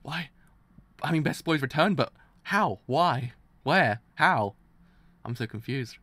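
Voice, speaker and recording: Man, live manga reaction streamer, excitable, bright tense voice. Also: fairly high pitch, takes it slowly, pauses often. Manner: excitable, exclaiming in disbelief.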